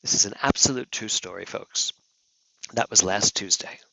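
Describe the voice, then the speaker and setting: A man giving a talk as a minister, telling a personal story in an earnest, emotional way. His voice moves from hushed to loud. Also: lowish voice, moderate pace, creaky, dry recording, low-quality recording. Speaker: guest speaker, minister.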